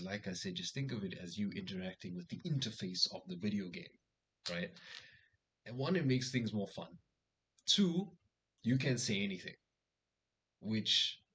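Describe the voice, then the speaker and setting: A man's voice: lowish voice, husky, poor audio. A young man casually telling a personal story as social advice, full of fillers and restarts. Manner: rambling, many fillers and restarts; lively quoted dialogue in story. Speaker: vlogger giving social advice.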